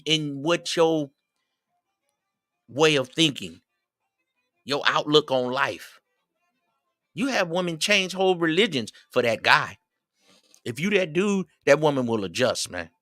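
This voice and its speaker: A middle-aged man giving casual advice in a slangy, preachy, joking way, with loud swings. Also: fairly high pitch, no room sound, studio quality. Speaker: show host.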